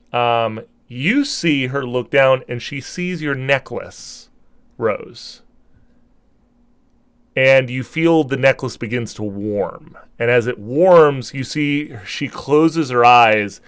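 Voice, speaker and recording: A man's voice: mid-range voice, smooth. A man narrating as game master of a tabletop role-playing game, describing scenes in a loose, rambling way with many restarts.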